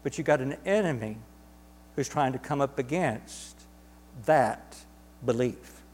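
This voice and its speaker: A man's voice: mid-range voice, lively intonation, a little mellow, slight background noise. Emphatic male preacher in a reverberant church. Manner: emphatic, drawn-out preaching with repetition. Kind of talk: sermon. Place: church sanctuary.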